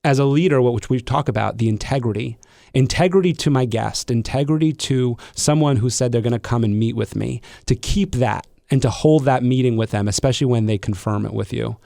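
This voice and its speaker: A man's voice: mid-range voice, brisk, vocal fry, warm tone, no echo, studio quality. A middle-aged man hosting a podcast, talking reflectively with many restarts and fillers. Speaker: podcast host. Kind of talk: casual interview conversation.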